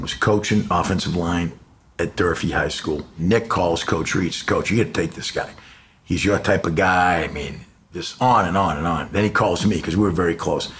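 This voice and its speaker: Very deep man recounting a phone call. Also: fairly bright tone, a little hiss or hum. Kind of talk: documentary interview.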